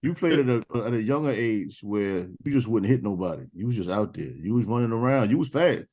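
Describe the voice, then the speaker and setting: A man's voice: lowish voice, expressive, brisk, darkish tone. A man, the podcast host, teasing his son in casual banter.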